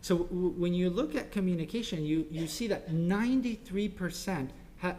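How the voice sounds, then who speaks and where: Halting man giving a parenting talk. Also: high-pitched, slight background noise. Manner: halting, many ums and restarts, acts out quotes softly. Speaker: speaker at a church parenting talk. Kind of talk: informal talk to an audience.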